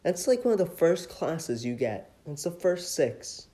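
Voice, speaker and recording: A man rambling excitably and casually about his favorite video games, with frequent giggles. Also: on the high side, measured pace. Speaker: vlogger. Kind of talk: casual enthusiastic chat.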